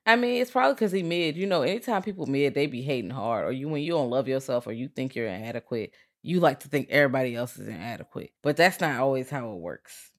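Woman, podcast co-host, deep low voice, casual movie talk, emphatic, slangy, teasing. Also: expressive, fast talker, few pauses.

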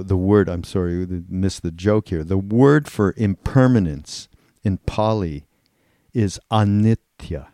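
Mellow-voiced man telling rambling stories. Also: lowish voice, no room sound, studio quality. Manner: loose, rambling anecdotes with frequent laughter and cursing. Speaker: podcast co-host. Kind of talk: casual storytelling chat.

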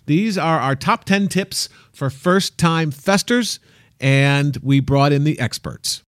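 A man's voice: on the high side, takes it slowly, dry recording. Chatty male radio host, dry studio sound. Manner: relaxed, chatty, some fillers. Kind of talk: casual radio chat.

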